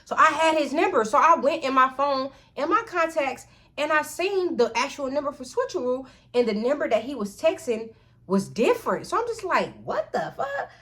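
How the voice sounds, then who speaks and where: Animated, profane woman telling a story. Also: high-pitched, normal speed, slight background noise. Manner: animated, profane, keeps addressing viewers. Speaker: vlogger. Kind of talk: storytime vlog.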